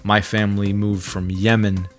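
A man's voice: fairly low pitch, little pitch movement, moderate pace. A man co-hosting a podcast, talking casually and joking, with hesitant, restarting phrasing. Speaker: podcast co-host.

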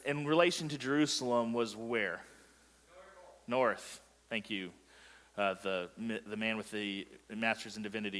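A man's voice: medium pitch, a bit bright, big-room sound. A male pastor preaching a sermon in a joking way, quizzing the congregation as he goes. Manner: joking, asks the congregation questions. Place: church sanctuary.

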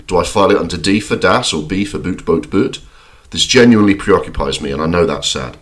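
A man's voice: sits low, a bit bright. A man hosting a film podcast, reading a scripted review with dry, self-deprecating humour and the odd swear word. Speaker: podcast host.

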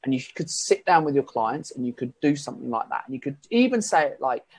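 This fitness coach's casual rundown of his coaching approach is chatty and meandering, full of self-corrections. He talks fast at medium pitch, with big swings in pitch and a slightly rough voice. There is no echo.

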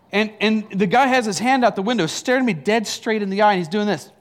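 A male pastor with a high voice preaches in a church, telling a story in an animated way. He breaks into laughs and acts out asides. He sounds middle-aged. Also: brisk, few pauses. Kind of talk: sermon.

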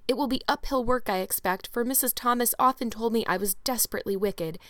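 A woman's voice: medium pitch, a little fast, fairly bright tone, dry recording, studio quality, close to an everyday voice. A woman voicing an eager, talkative orphan girl of about eleven who speaks in an imploring, dreamy way.

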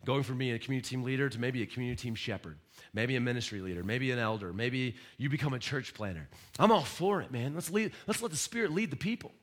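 A man preaching a sermon as pastor, emphatic, with direct questions to the congregation and sudden rises and soft drops. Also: medium pitch, expressive, quick pace.

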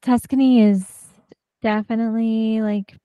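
A woman's voice: a little high, fairly even intonation, measured pace, dark tone, clear, resonant tone, no room sound. Upbeat woman co-host, chatty podcast talk. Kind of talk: casual chat.

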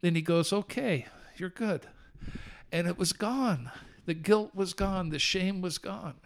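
Creaky-voiced man telling a faith story. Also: high-pitched. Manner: animated, shifts between slow solemn and quick telling. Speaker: podcast guest. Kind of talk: earnest personal testimony storytelling.

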